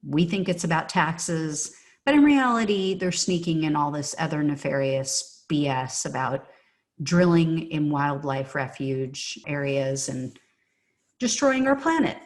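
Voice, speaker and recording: A woman's voice: low-pitched, animated, a little slow. A woman hosting a political commentary show, talking bluntly and sarcastically with some profanity. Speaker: political commentary podcast host.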